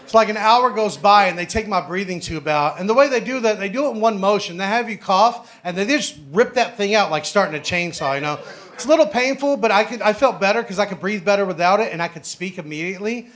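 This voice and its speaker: Young male stand-up comic, higher voice, brash profane storyteller. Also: quick pace, fairly bright tone. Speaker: stand-up comedian. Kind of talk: stand-up comedy set.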